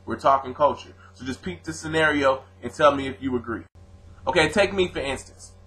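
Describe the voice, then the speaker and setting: A man's voice: mid-range voice, fairly quick, slight background noise, poor audio. A young adult man from the US West Coast, talking straight to his viewers in a slangy, argumentative vlog rant. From born in Louisiana, raised on the US West Coast. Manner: animated, argumentative, slangy, addresses viewers directly. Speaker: vlogger answering his commenters. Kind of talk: casual argumentative video rant.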